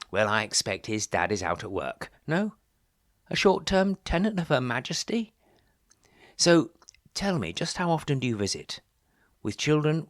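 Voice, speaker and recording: A man's voice: mid-range voice, fairly bright tone, no echo, clean studio sound. A man playing a flustered older vicar. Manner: theatrical, exclamatory, wry and sarcastic. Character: older male vicar, harried, fundraising door to door. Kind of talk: comic verse monologue.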